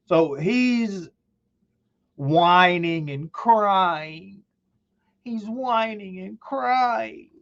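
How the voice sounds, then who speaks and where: A man's voice: medium pitch, dull audio. A man hosting his channel, ranting bluntly and heatedly about sports, swearing and rambling. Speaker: channel host.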